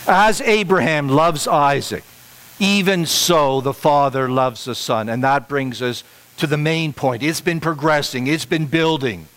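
A middle-aged man preaching a sermon, emphatic and repetitive, pushing his voice higher on the key points. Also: fairly bright tone, rough recording. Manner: emphatic, repeats phrases for stress, rising to higher pitch on key points.

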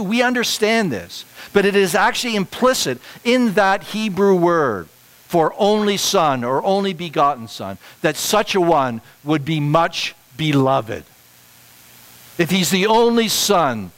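A man preaching a sermon at a slow, deliberate pace. His voice sits a little high, and it climbs further when he stresses a point. He repeats phrases again and again to drive them home. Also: fairly bright tone, rough recording. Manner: emphatic, repeats phrases for stress, rising to higher pitch on key points.

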